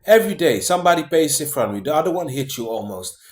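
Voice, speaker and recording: A man's voice: fairly high pitch, animated, fast talker, echoey room. A man talking casually to his viewers in a rambling way, full of fillers, restarts and "man" and "guys". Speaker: vlogger. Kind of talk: casual monologue to camera.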